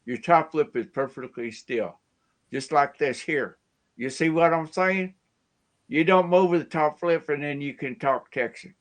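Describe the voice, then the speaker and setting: An American man joins a live chat and tells stories in a loose, talkative way. His voice sits a little high. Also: a little slow. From United States. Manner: storytelling, chatty. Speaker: guest on a livestream.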